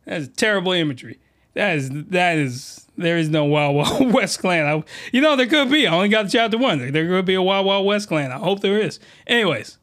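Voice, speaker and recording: A man hosting a comedy podcast, reviewing a comic in a slangy, rambling monologue with sudden shouted outbursts. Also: fairly quick. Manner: animated, jumps into high-pitched shouted outbursts; slangy, rambling, with many restarts.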